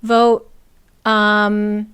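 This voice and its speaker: A woman's voice: medium pitch, completely flat delivery, extremely slow, fairly bright tone, smooth. A woman voicing a brash, blunt male warrior trainer who fumbles when caught out. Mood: fumbling.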